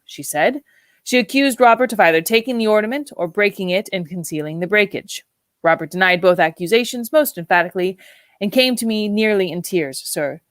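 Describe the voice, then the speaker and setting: A woman's voice: fairly low pitch, no room sound, clean studio sound, close to an everyday voice. A woman reading the part of a stiff, solemn male butler who speaks in a formal, deferential way.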